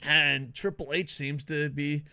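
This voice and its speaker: A man co-hosting a wrestling podcast in casual chat, animated and jokey, laughing often. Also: on the high side, unhurried, clear, resonant tone. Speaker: podcast co-host.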